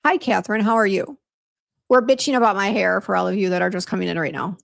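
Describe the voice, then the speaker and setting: A woman's voice: medium pitch, quick pace, vocal fry. A woman chatting casually on a livestream, venting about a bad hair appointment while greeting viewers by name, with many fillers and restarts. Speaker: beauty brand owner hosting a livestream. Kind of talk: casual livestream chat reading viewer comments.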